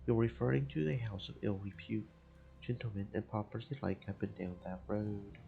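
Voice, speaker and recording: A man voicing a calm, courteous minotaur investigator in a measured tone. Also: lowish voice, gravelly, narrow, tinny audio.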